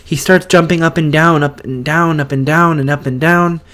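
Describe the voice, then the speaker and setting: A man's voice: on the high side, fairly even intonation, moderate pace, a bit bright. A man casually narrating a fan story, hesitant, with many fillers and restarts.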